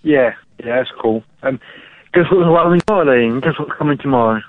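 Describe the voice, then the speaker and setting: A male caller to a radio show speaking hesitantly and apologetically, with halting phrasing, over a tinny phone line. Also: mid-range voice, no room sound.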